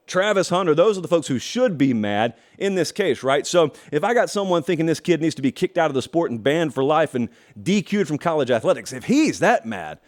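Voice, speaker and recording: Middle-aged southern guy riffing on sports, folksy and wry, stretches words out. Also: mid-range voice. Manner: folksy, drawn-out emphasis, wry asides. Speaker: host. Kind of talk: opinionated sports commentary.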